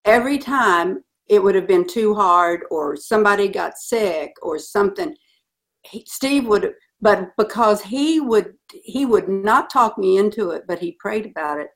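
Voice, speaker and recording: A middle-aged woman telling a personal story in an interview, earnest and animated. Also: medium pitch, unhurried. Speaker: guest.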